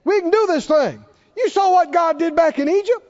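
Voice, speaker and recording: A man's voice: extremely high pitch, normal speed, voice pushed up. A man voicing eager, confident male spies who rally a crowd to fight, in a dull recording with long reverb. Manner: excited, rallying.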